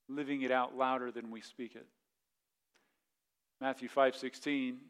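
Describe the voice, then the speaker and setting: A man, a pastor, preaching a sermon, reading scripture slowly and then pressing his point with rhetorical questions and repeated words. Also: medium pitch.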